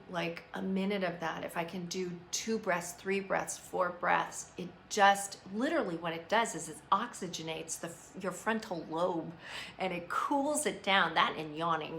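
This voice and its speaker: Bright-voiced earnest woman hosting a stream. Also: lowish voice, a little hiss or hum. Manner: earnest, reflective, loose with fillers. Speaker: live stream host. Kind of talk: casual spiritual self-help talk.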